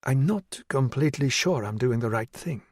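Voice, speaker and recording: A male audiobook narrator voicing a nervous woman psychiatrist in her late forties, speaking in a hesitant, measured way. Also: mid-range voice, expressive, a little mellow, dry recording, studio quality, pitched above the performer's own voice, lightly acted. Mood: guarded.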